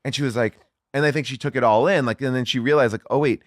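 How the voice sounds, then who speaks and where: A middle-aged man chatting as a guest, telling a story in a lively way with lots of fillers and some swearing. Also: medium pitch, fast talker, dry recording, clean studio sound. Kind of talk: casual chat.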